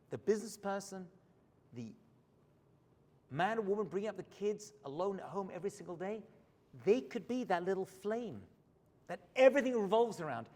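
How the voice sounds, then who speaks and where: A man preaching a storytelling sermon as a rabbi in a synagogue, swinging from hushed asides to loud high points. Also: big-room sound.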